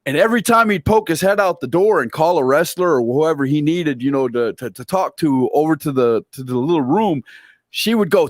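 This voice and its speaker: A man's voice: a little high, fairly quick, no echo, clean studio sound. Storytelling male interview host. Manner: animated storyteller, acts out quoted voices with laughs. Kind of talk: casual interview chat.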